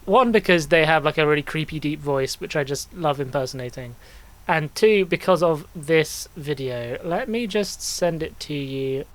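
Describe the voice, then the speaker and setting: A man's voice: fairly high pitch, expressive, moderate pace, hardly any pauses, a bit bright. A man co-hosting a podcast in casual chat, enthusiastic and laughing often. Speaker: podcast co-host.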